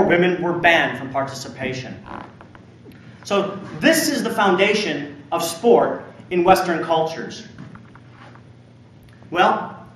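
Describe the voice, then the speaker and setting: A man with a rather high voice delivers a public lecture, building his points with emphatic storytelling and the odd wry joke. He is picked up from a distance in a large hall, so his words ring with heavy echo. A faint hum of room noise sits underneath. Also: fairly bright tone. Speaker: university lecturer. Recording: echoey hall from far off.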